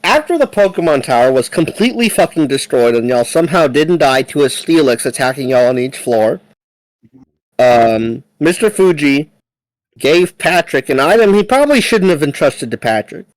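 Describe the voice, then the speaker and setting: A young man acting as game master, briskly reading out moves and rules and recapping the story in a casual tone. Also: on the high side, lively intonation, dry recording, rough recording. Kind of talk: running a tabletop game over voice chat.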